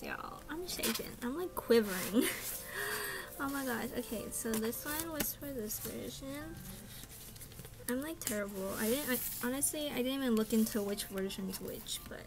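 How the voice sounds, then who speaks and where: A young woman vlogger chatting casually through an unboxing, gasping and squealing with excitement. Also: sits high. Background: background music.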